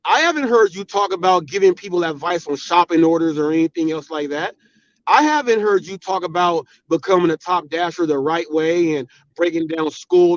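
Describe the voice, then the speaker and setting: A man's voice: high-pitched, no echo. A man from the hosting his own channel, delivering a heated, confrontational commentary with emphatic repetition. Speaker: channel host. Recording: dull, dry lo-fi sound.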